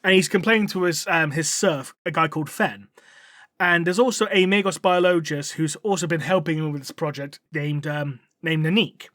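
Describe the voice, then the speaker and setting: High-voiced man, casual storyteller. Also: normal speed, fairly bright tone, no echo, studio quality. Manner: playful, swears, acts out characters in quoted dialogue. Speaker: podcast co-host.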